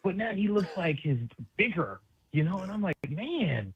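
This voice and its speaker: Calling in on a tinny phone line, a basketball analyst from New York City speaks briskly in a high voice with a breathy edge. As a sports radio guest, he keeps it casual and animated, sprinkled with street slang.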